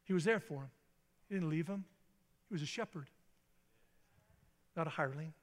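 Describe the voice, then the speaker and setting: Middle-aged guy preaching, kinda high voice, lots of echo from a big church hall. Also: normal speed. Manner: animated, acts out quotes with big pitch jumps. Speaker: pastor. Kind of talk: sermon storytelling. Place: church sanctuary. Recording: long reverb in a large hall.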